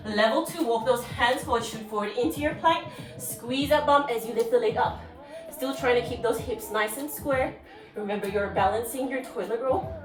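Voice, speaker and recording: A woman Pilates instructor guiding a home workout, cueing counts and breaths in an encouraging way, a little out of breath. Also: on the high side. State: slightly out of breath. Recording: roomy, distant mic with music behind. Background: background music.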